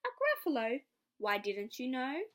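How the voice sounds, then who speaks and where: A woman's voice: sits high, sing-song, unhurried, voice pushed up. A woman doing a cheeky little storybook mouse. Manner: bright, emphatic storybook read-aloud. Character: quick-thinking small boastful mouse.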